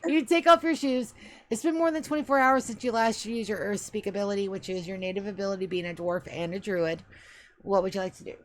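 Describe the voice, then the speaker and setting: A woman narrating as game master of a tabletop game, describing scenes in an unhurried way with fillers. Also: medium pitch.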